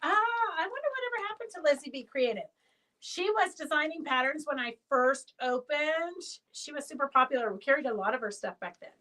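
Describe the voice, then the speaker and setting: High bright-voiced woman calling auction winners. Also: animated, brisk, far from the mic, low-quality recording. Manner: chatty, rambling, calling out winners' names. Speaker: fabric shop owner hosting a live sale. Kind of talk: live sale stream, casual chat and auction calling. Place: indoor fabric shop.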